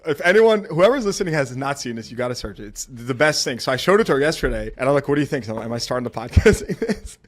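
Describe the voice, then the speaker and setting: A man hosting a podcast, chatting casually and excitedly, rambling with many fillers and restarts. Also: mid-range voice, quick pace, few pauses. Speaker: podcast host.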